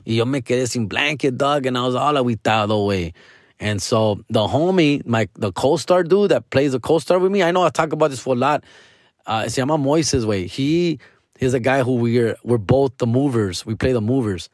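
A man's voice: mid-range voice, expressive, moderate pace, no echo, clean studio sound. A man telling a casual story to his followers, slangy and profane, mixing Spanish words into his English. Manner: peppers talk with "fool" and "dog". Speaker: actor vlogging to followers.

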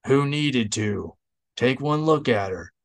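Man doing a pompous imperial interrogator, slow drawn-out threats, audiobook. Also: mid-range voice, lively intonation. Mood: menacing. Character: petty, blustering male Imperial interrogator.

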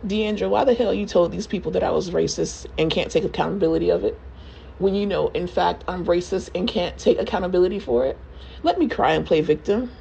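A woman putting on a defensive, self-pitying woman who dodges blame, delivered with sarcasm. The voice stays low and gravelly, mellow in tone, with a faint hum of room ambience behind it. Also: fairly quick, muffled recording. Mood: mocking. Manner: sarcastic, mocking. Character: defensive woman denying blame, playing the victim.

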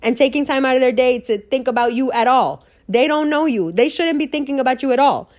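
A woman with a New York accent, her voice sitting a little high. She talks in a brash, profane, animated way, acting out quick bits of dialogue as she hands out blunt advice. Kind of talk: blunt monologue giving life advice.

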